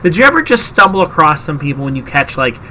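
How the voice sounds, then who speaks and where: Guy hosting a podcast, tells stories all animated, pitch jumps around a lot. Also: fast, slight background noise, low-quality recording. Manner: animated storyteller, acts out quotes. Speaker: podcast host. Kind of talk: casual chat, storytelling.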